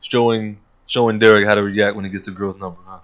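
A man's voice: on the low side, flat delivery, fast talker, lo-fi sound. A man co-hosting a casual talk show, chiming in to tease his co-host. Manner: teasing, short interjections. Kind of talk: casual chat.

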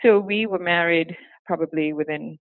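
A former teacher from Singapore, speaking at a moderate pace in a lowish voice, is a guest in a relaxed interview. Her hybrid accent has a hint of British, and she's animated, laughing often and performing quotes. The recording is dry, with a tinny, phone-like quality.

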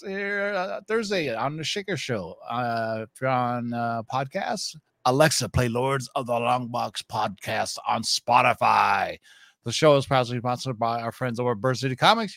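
A man's voice: medium pitch, fairly bright tone, dry recording. A man co-hosting a live stream, chatting loosely and joking between sponsor reads. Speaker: co-host. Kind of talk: casual live-stream chat.

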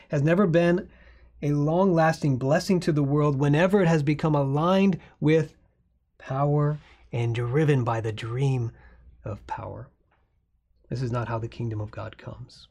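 A pastor preaching a sermon in an earnest, conversational way, with frequent fillers and restarts. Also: male voice, fairly high pitch, a little mellow.

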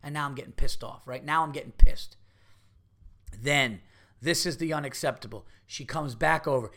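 A man's voice: a little high, moderate pace, sharp tone. A middle-aged man, a comedian hosting his podcast, telling a profane, heated story and repeating himself as he acts out what people said.

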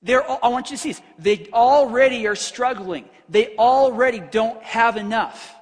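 A man preaching a sermon in a church hall, animated and conversational, often filling with "like". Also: very high-pitched, normal speed, husky. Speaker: pastor. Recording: long reverb from a large hall.

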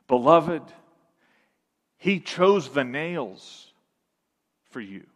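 A man preaching a sermon as pastor, emphatic, with dramatic pauses, dropping to a hush and then swelling again. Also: on the high side. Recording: long reverb of a large hall.

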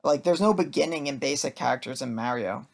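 A man's voice: medium pitch, brisk, vocal fry. A man co-hosting a casual chat about anime, teasing and joking dryly.

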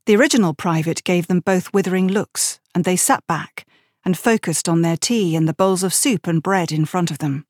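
A woman reading an audiobook as narrator in a measured, steady storytelling manner. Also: lowish voice, husky, dry recording, clean studio sound. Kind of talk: scripted narration.

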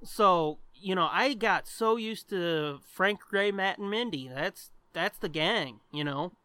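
A high, bright, smooth male voice, talking in loose, animated podcast banter and swearing freely. He rambles through his points. The sound is dry and close. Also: slow pace, no echo. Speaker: podcast co-host. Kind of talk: casual chat.

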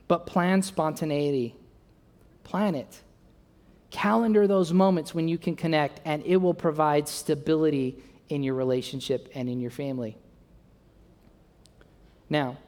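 A young adult man preaching a sermon, telling a self-mocking story and acting out the dialogue with lively energy. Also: on the high side. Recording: long reverb of a large hall.

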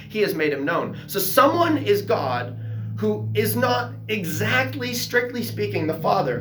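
A fairly high-voiced man leads a church Bible class, reading verses and then jumping in with excited asides. The room around him rings with echo, and faint music sits underneath. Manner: excitable, reads scripture aloud and bursts into exclamations. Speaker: Sunday school teacher.

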